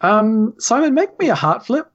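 A woman's voice: a little high, sing-song, moderate pace, husky, dull audio. A woman narrating a tabletop game as game master, often stammering and rambling as she thinks.

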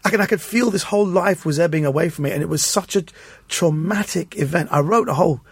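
A man, a comedian guest, telling anecdotes in an animated way in casual chat and acting out the voices he quotes. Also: on the high side, fast, creaky, breathy edge, no room sound.

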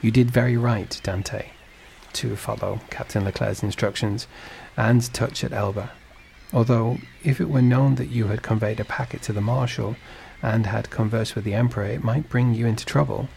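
A man's voice: mid-range voice, steady tone, normal speed, vocal fry, a little mellow, a little hiss or hum, close to an everyday voice, low-quality recording. A man reading a storybook and voicing a kindly, fatherly shipowner who asks questions. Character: male shipowner, warm and fatherly employer.

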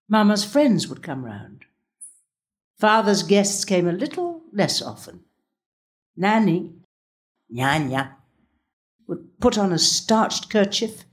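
A woman narrating a story in a calm, measured, unhurried reading. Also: lowish voice. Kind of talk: audiobook narration.

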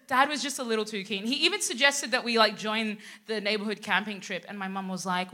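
A young woman telling a comic story on stage, sweary and animated, laughing through her lines. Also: mid-range voice, fairly quick, hardly any pauses. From Australia. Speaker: co-host. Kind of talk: live stand-up storytelling. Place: live theatre stage.

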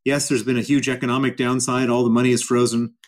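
Emphatic male guest, mid-pitched voice. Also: level tone, quick pace. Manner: emphatic and repetitive. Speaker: interview guest. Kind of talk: explanatory interview answers.

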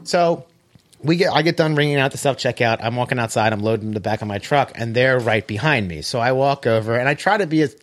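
A man telling a long story in casual chat, animated, swearing and acting out quoted dialogue. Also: mid-range voice, fast talker.

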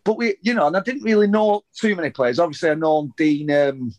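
A man's voice: fairly high pitch, fairly quick, a little mellow. A man, a former footballer, telling rambling anecdotes in a casual interview, swearing heavily and restarting his sentences often.

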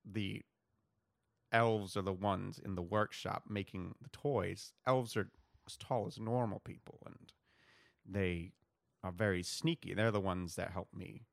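A gravelly, brooding Secret Santa. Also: male voice, on the low side, dry recording, clean studio sound, voice pushed down. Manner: slow, contemplative, gravelly like a masked villain. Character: Secret Santa, a brooding male villain boss. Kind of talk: improvised tabletop role-play.

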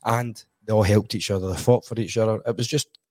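A Scottish man talks football bluntly and without fuss. His voice sits on the low side, and the sound is dry and close, with no room around it. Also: steady tone, fairly quick, darkish tone, dry recording. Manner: blunt, opinionated. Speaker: football pundit. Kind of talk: casual podcast chat.

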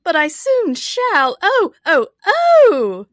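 Woman reading, putting on a dithering old queen with piercing high wails; fussy, scatterbrained, very lively pitch. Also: unhurried, no echo, studio quality, full character voice. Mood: shrieking. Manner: wailing cries, fussy and dithering.

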